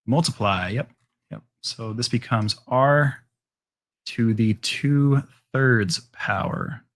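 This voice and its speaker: A man's voice: mid-range voice, slow, fairly bright tone. Casual male math teacher lecturing class. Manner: casual, filler-heavy explaining with frequent ums and all rights.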